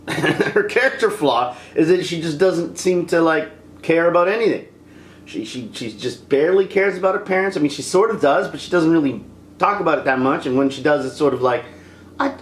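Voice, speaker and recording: A film reviewer ranting in an exasperated, animated way, acting out scenes as they go. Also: mid-range voice, roomy sound, a little hiss or hum.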